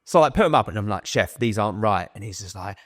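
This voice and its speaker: A young man, a podcast guest, casually telling a lively story, swearing and acting out the lines of the people in it. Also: fairly low pitch, fast, dry recording, studio quality. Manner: swearing, animated retelling with quoted dialogue.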